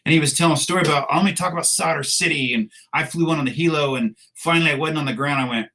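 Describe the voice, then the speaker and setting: A man's voice: on the high side, racing, pushed and bright, low-quality recording. A middle-aged man, a podcast guest in a studio, telling salty, profane anecdotes with laughs in a casual interview.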